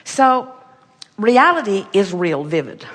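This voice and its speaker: A woman's voice: mid-range voice, very animated, slow pace, a bit bright, long reverb tail. A woman giving an inspirational workshop talk, speaking emphatically and repetitively, referring to herself as "we". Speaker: seminar speaker.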